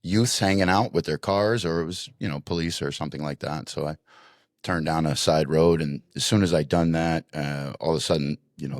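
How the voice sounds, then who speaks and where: Man, deep, animated storyteller, dry studio sound. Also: no room sound. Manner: animated storyteller, acts out voices, many restarts. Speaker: podcast co-host. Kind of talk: casual storytelling.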